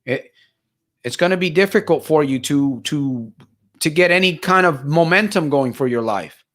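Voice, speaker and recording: A man's voice: fairly high pitch, animated, normal speed, a bit bright. Earnest repetitive male motivational coach. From Stockton, California. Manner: earnest and repetitive, restarts and repeats phrases. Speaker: life coach hosting a live stream. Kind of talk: live-stream Q&A, motivational coaching.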